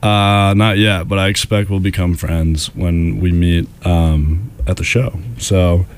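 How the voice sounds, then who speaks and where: A man's voice: low voice, steady tone, takes it slowly, clean tone. A young man co-hosting a casual radio show, playful and jokey, tossing in little sound effects.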